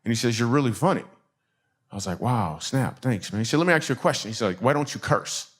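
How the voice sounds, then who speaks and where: A man's voice: mid-range voice, fast. Man telling a comic story. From Michigan. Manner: animated storyteller acting out dialogue, audience laughing. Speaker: comedian and speaker. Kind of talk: comedic storytelling message.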